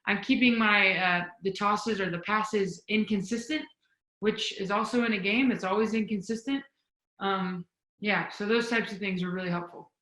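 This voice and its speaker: A woman speaking as a volleyball coaching guest on a video call, energetic and emphatic, demonstrating as she talks. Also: mid-range voice, normal speed, roomy sound, poor audio. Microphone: video call mic.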